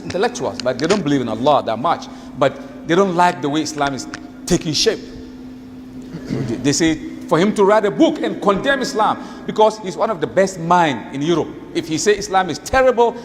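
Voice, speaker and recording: A man telling a story in a sermon, animated and emphatic, acting out quoted dialogue in non-native English. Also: high voice, a little hiss or hum. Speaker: preacher. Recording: reverberant hall with faint ambience.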